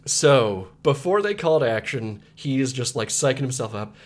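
A man casually retelling a story on a podcast, reading quotes aloud with animated emphasis. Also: medium pitch, moderate pace.

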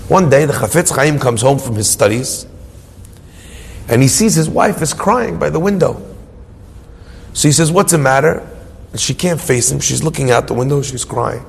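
Gravelly man telling a sermon story. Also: medium pitch, moderate pace, long pauses, in a large hall. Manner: animated storyteller, shifts between hushed and emphatic. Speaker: speaker telling a religious story.

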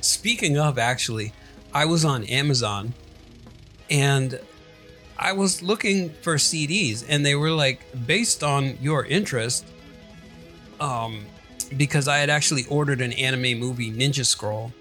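A man's voice: mid-range voice, sharp tone, faint music behind. Laughing, swearing man in casual chat. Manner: profane, laughing, quick to react.

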